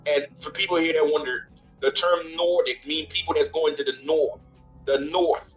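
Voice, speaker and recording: A man's voice: a little high, steady tone, moderate pace, lo-fi sound, soft background music. A man hosting a casual reaction show, giving blunt, preachy commentary and swearing freely. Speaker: host.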